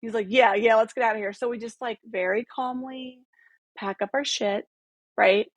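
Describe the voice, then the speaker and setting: A woman in her thirties, a podcast guest telling a long story in a casual, animated way, swearing freely and acting out the dialogue. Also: on the high side, a little fast, no echo. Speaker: podcast guest, photographer and former model.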